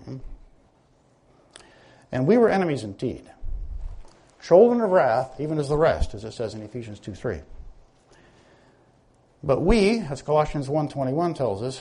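This sermon comes from a man whose slightly husky, mellow voice moves a great deal in pitch. He is very animated, keeps a moderate pace with long pauses, and teaches as he goes, tossing questions back to the congregation.

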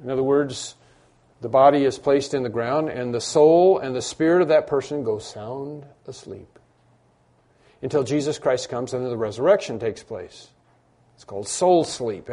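A man's voice: mid-range voice, normal speed, warm tone. A man preaching a sermon to a congregation, emphatic and repetitive, acting out imagined dialogue. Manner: emphatic, repeats key phrases, acts out imagined dialogue. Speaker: pastor. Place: church room with congregation.

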